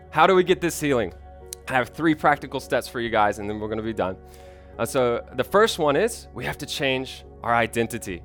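A man's voice: fairly high pitch, a bit bright. A young man preaching a sermon, earnest and personal, often restarting his sentences. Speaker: pastor.

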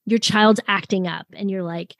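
A woman who works as a therapist and supply teacher, explaining ideas in expressive, conversational talk. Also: mid-range voice, moderate pace, creaky, no room sound, clean studio sound. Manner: expressive, acts out voices in her examples. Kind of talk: candid casual conversation.

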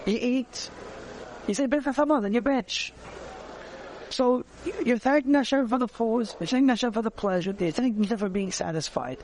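A man, teaching a conversational Torah class, animated and repeating phrases as he searches for words. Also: extremely high pitch, normal speed, slight background noise.

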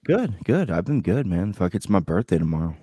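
A very deep-voiced man in his thirties trades crude jokes as a podcast co-host. His talk is animated and loose, and the sound is dry and close with no room echo. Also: a little fast, husky. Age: 30s. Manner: animated, joking, swears freely. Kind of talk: casual chat. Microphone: remote call setup.

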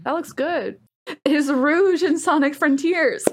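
A young woman with a high, bright voice chats casually on her podcast. She is animated and giggly and breaks into sudden squeals. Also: slow, noisy background. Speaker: podcast co-host and streamer. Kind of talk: casual chat.

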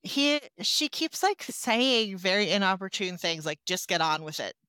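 Lively woman co-host, bright and tuneful, reacts a lot; dry close mic. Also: mid-range voice, unhurried, clear, resonant tone, no echo. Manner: reactive, chiming in. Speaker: podcast co-host. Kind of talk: casual chat.

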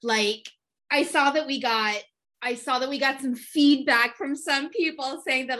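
Woman co-host, high bright voice, blunt and profane, casual panel podcast. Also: unhurried.

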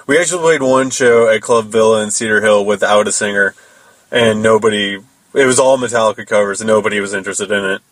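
A man's voice: on the low side, steady tone, fast, a bit bright, dry recording, low-quality recording. A man hosting a podcast, telling a loose, rambling story about his band and swearing casually. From United States. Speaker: podcast host and metal musician.

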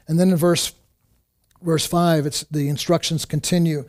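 A man preaching a sermon, earnest, often repeating words and restarting, rising in pitch and force when he urges. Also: level tone, moderate pace, darkish tone. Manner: rises in pitch and volume when exhorting. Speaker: pastor.

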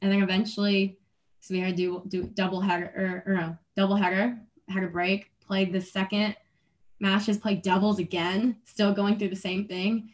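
A woman's voice: medium pitch, level tone, normal speed. A young adult woman, an athlete guest in a casual interview, talking earnestly and rambling, with restarts and little laughs.

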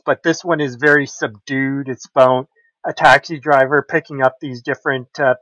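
A man co-hosting a casual podcast, talking in a relaxed, hesitant way with many fillers. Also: mid-range voice, no echo, muffled recording. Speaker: podcast co-host.

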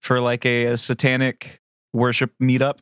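A man's voice: mid-range voice, monotone, moderate pace, fairly bright tone, clear, resonant tone, dry recording. Guy rambling thru a story, swears a lot, mid voice, dry close mic. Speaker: podcast co-host. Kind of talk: casual chat.

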